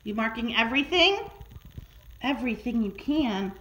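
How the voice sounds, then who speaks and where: A pet sitter in a client's home, cooing in high sing-song baby talk to a cat while filming on a handheld phone. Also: female voice, lively intonation, moderate pace, fairly bright tone, poor audio. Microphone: handheld phone camera.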